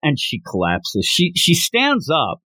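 Guy from the states recapping manga on a podcast, really animated, bouncy pitch, dry close sound. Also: dry recording. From United States. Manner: animated, breaks into quick acted quotes and mock announcer yells. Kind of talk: casual recap and commentary.

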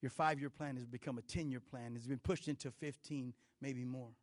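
A middle-aged man preaching a sermon as pastor, conversational and animated, with frequent restarts and playful asides. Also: mid-range voice, dry recording, clean studio sound.

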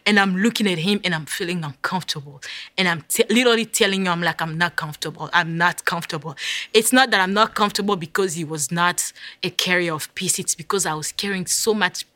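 A woman's voice: on the low side, fast talker, pushed and bright, dry recording. A woman telling her personal faith testimony in an intense, emotional way. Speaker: speaker sharing a testimony.

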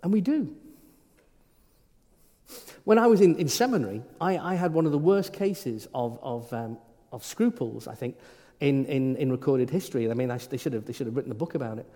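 In a warm, mid-range voice with lively intonation, a middle-aged priest talks through an informal sermon fairly quickly and with few pauses. His delivery is conversational, with frequent stumbles and stammered restarts, echoing in a reverberant hall.

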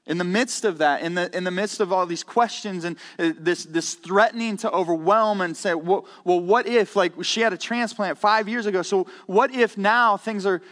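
Middle-aged male pastor, a bit high-voiced, earnest sermon delivery, echoing hall. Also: normal speed, hardly any pauses, a bit bright. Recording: long reverb of a hall.

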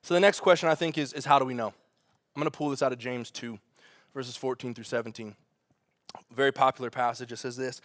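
A man preaching a sermon as pastor, in an animated, conversational way, asking the congregation rhetorical questions. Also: medium pitch, fairly quick, no echo, clean studio sound.

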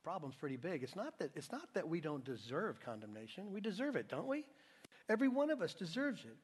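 A man preaching a sermon to his church, emphatic, swinging between hushed and loud passages. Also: on the high side, very animated, brisk, husky. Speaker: pastor. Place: church sanctuary. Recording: long reverb of a church hall.

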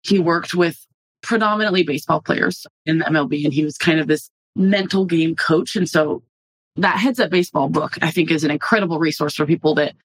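A woman in her twenties, a college softball player, talking casually and animatedly as an interview guest, with lots of "like"s. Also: deep voice, a little fast, slightly rough, no room sound. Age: 20s. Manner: animated and chatty, many "like"s.

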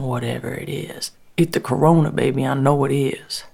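A woman's voice: a bass voice, fairly even intonation, normal speed, vocal fry, hardly any pauses, mellow. A woman telling a rambling first-person story, often dropping into whispers. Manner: folksy, rambling, drops to whispers. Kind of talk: dramatic first-person monologue.

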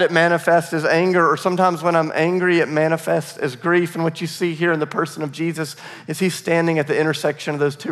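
Earnest pastor preaching in a reverberant hall. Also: male voice, a little high, a bit bright. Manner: earnest, repeats words, varies pace for emphasis. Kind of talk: sermon. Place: church sanctuary. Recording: long reverb of a large hall.

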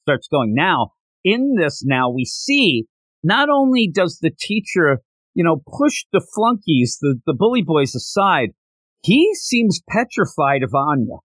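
A man hosting a podcast, casually recapping a manga chapter and acting out the characters' lines in quick voices. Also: on the high side, big pitch swings, a bit bright, no echo. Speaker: podcast host.

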